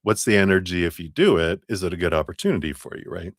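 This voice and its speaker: A man giving live tarot readings to viewers in a relaxed, chatty way, often laughing as he thanks donors by name. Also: low voice, fast, dry recording, clean studio sound. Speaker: tarot reader.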